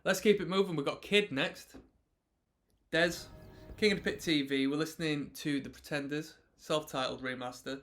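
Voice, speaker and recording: A man's voice: on the high side, normal speed, fairly bright tone. A man hosting an album reaction, chatting casually and talking over the track as it plays. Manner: chatty, talks over the music, sings along. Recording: music playing in the background.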